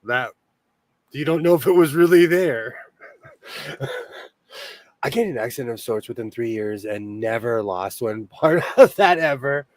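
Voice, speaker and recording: A man's voice: medium pitch, lively intonation, measured pace, long pauses, no echo. A man from California hosting a casual chat, rambling along and laughing often. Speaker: podcast host.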